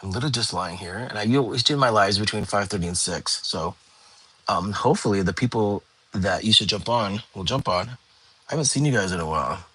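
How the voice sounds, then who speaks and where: A tired young man, hosting a relaxed livestream and chatting with viewers from home. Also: lowish voice, fairly quick, slightly rough. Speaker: livestream host. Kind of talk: casual livestream chat. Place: home, lying down.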